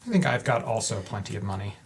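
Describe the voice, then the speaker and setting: A man co-hosting a live card-game stream, answering with quick affirmations and playful teasing. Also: fairly low pitch, creaky. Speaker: co-host.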